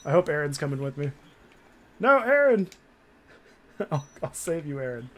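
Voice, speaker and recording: A man giving casual gameplay commentary, excitable and crude, often laughing and shouting at the game. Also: on the high side, quick pace. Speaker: gameplay streamer.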